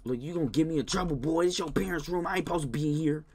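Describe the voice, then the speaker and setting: Animated man playing a game, scolding the screen. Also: fairly high pitch, rapid-fire. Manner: animated, talks to the game, scolds the baby in loud bursts; slangy casual talk. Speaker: gaming YouTuber. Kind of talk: casual let's-play commentary.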